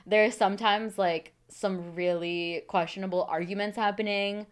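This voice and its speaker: A young woman co-hosting a podcast in casual chat, giggly and quick with her banter. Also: medium pitch, fairly even intonation. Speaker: podcast co-host. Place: podcast studio.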